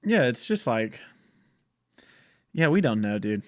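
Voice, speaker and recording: A man in his twenties, a podcast guest, chatting casually and telling animated stories with frequent laughs. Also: mid-range voice, slow. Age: 20s. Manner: animated storytelling, laughs often. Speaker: podcast guest, church creative director. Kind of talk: casual chat.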